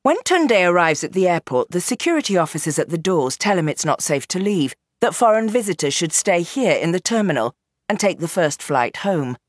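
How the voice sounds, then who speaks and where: A woman narrating a novel as an audiobook in an expressive, dramatic reading. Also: lowish voice, fairly quick, dry recording, studio quality. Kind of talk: scripted narration.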